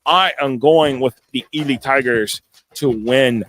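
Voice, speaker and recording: A man hosting a casual live sports talk show, excitable and stammering, often laughing and reading viewer comments aloud. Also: medium pitch, unhurried.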